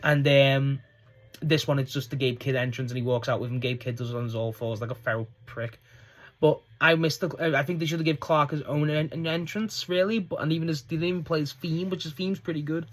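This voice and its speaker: A man's voice: fairly high pitch, steady tone, a little fast. A man giving a casual, rambling solo review of a wrestling show, swearing and laughing as he goes.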